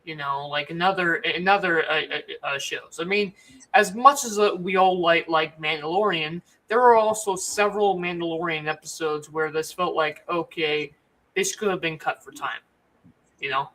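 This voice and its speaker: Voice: medium pitch, moderate pace, bright, forceful tone. A co-host in a casual review chat, talking enthusiastically with plenty of fillers.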